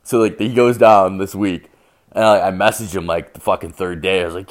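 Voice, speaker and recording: A man's voice: low-pitched, fairly even intonation, fairly quick. A young man from Canada hosting a podcast, telling a story in a rowdy, profane way and acting out both sides of the conversation. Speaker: podcast host. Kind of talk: casual storytelling monologue.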